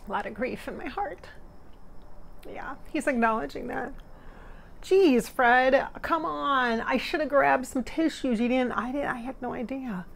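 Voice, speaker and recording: A middle-aged woman with a slightly high voice speaks as a spirit medium in a casual, heartfelt monologue. She addresses viewers directly, earnest and emotional, moving between laughter and tears. A faint background noise sits under her voice. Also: measured pace, gravelly. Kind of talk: casual monologue during a channeling session.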